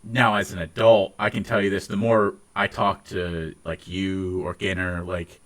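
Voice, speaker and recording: A man's voice: deep voice, little pitch movement, unhurried, a bit bright. A young man from Ohio with a slight Northeastern US tinge, chatting casually on a podcast and rambling with lots of "like"s and restarts. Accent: Ohio with some Northeastern US traits. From Ohio, United States. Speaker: podcast co-host. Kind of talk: casual chat.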